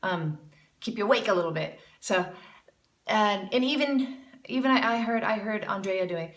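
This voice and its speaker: A woman's voice: mid-range voice, normal speed, fairly bright tone. A woman teaching jazz singing, chatty and encouraging, breaking into scat syllables to demonstrate. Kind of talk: music lesson critique. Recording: roomy, a bit far from mic, with music.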